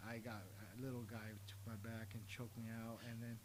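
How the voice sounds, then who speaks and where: Animated man telling gym stories. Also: mid-range voice, fairly quick. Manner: animated storyteller, acts out quoted dialogue. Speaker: jiu-jitsu coach. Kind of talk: casual storytelling interview. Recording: faint background hiss.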